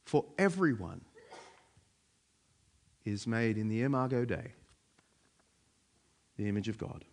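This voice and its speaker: Lively, animated male preacher. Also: fairly low pitch, slow. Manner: lively, conversational, frequent fillers. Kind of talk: sermon.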